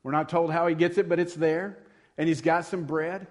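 A man preaching a sermon, retelling a story with animated drama and conversational asides. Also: fairly high pitch, normal speed.

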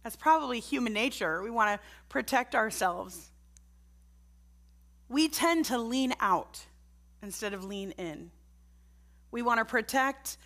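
A woman's voice: on the high side, a bit bright. A middle-aged woman preaching a sermon at a church service, earnest and conversational, putting direct questions to the congregation.

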